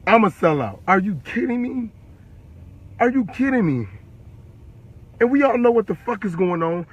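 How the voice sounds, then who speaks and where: A man's voice: sits high, lively intonation, normal speed, slightly rough, lo-fi sound. An eighteen-year-old man ranting on a live stream, furious and profane, firing the same questions again and again. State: upset and worked up. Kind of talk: angry live-stream rant.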